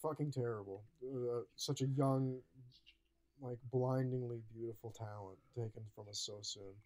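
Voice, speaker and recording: A young man in casual podcast chat, rambling with lots of profanity. His voice sits at a middle pitch and jumps up when he gets worked up. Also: steady tone, normal speed, a little mellow. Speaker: podcast co-host.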